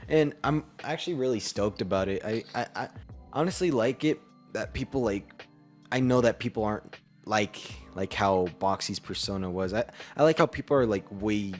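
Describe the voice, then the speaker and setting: A man's voice: fairly low pitch, moderate pace, soft background music. A young man co-hosting a casual podcast, rambling with lots of restarts and fillers as he talks over a voice call. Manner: rambling, many restarts and fillers, laughs often. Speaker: podcast co-host. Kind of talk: casual chat.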